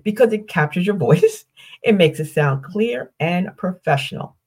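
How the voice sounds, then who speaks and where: A woman's voice: fairly low pitch, expressive, unhurried, darkish tone, husky. An older woman hosting her own podcast, explaining things step by step in an upbeat way, posing questions and walking through lists. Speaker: podcast host. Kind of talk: solo podcast teaching.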